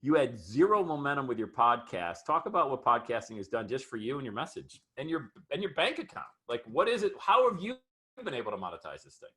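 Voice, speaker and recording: A man's voice: medium pitch, sing-song, fairly quick, sharp tone. A man hosting a podcast interview, talking with hyped, emphatic enthusiasm. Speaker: podcast host. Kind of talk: energetic interview chat.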